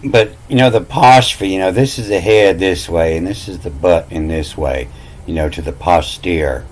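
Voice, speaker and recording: A man's voice: low voice, moderate pace, a little hiss or hum, low-quality recording. A man giving a meandering, self-taught lesson, spelling out letters and repeating words with frequent "you know" fillers. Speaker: self-styled language teacher. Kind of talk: rambling explanatory monologue.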